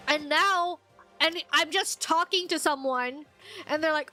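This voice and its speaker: A woman streamer giving rambling, animated commentary while playing a game. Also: high-pitched, measured pace, faint music behind. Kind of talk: game let's play commentary.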